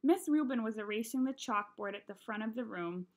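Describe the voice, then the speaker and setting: A woman reading a children's novel aloud, with expressive storytelling and brief voices for the characters. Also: on the high side, a little fast.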